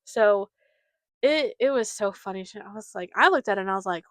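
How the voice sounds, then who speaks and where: A woman's voice: mid-range voice, fairly quick, no echo. A young woman hosting her podcast, chatting casually with many fillers and giggles. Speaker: podcast host. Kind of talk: casual solo chat.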